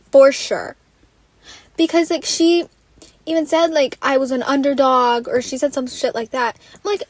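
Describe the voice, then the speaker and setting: A woman's voice: sits high, dry recording. A young woman hosting a solo podcast, ranting in an exasperated, casual way, swearing freely and saying "like" constantly. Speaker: podcast host.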